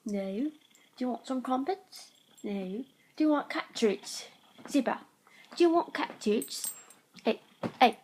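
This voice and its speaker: A bright, high voice with a playful British accent, put on by a young woman, cooing baby talk at a pet. It rises high and comes out loud and bouncy. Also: animated, takes it slowly, long pauses, slight background noise. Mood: teasing. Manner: sing-song baby talk to a cat.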